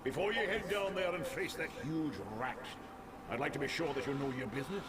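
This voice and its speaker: A man's voice: on the high side, brisk, lightly acted. A man playing a folksy old mentor. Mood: coaxing. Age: older. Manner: coaxing, fatherly, calls everyone laddie. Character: folksy old male mentor who teaches the hero. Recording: game audio under loud noise.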